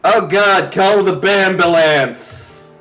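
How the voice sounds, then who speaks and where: A young man co-hosting a let's play, joking and swearing with quick quips over the game. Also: high voice, fairly bright tone, faint music behind. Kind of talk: casual gaming commentary.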